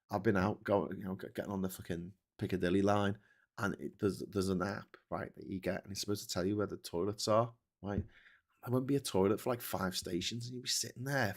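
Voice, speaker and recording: A man hosting a casual livestream, ranting indignantly and swearing constantly. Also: lowish voice. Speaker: host. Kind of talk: casual livestream commentary, reading viewer comments.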